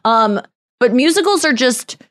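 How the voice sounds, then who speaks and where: A woman's voice: high-pitched, lively intonation, a little slow, a bit bright, no echo, clean studio sound. A woman co-hosting a podcast, chatting casually and telling stories in a rambling way that often breaks off and restarts mid-sentence. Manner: rambling, self-interrupting storyteller. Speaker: podcast co-host. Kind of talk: casual chat.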